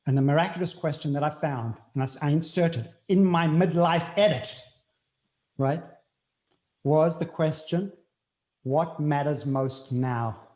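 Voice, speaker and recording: A man with a South African accent talks as an interview guest, earnest and reflective. His voice sits fairly high for a man, and he often repeats his key phrases to drive them home. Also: normal speed, a little mellow.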